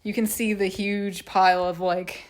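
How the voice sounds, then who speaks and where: A woman's voice: medium pitch, little pitch movement, a little slow, reverberant. A woman chatting casually on a live stream from a laundry room, a bit congested and sniffly, nervous and self-deprecating.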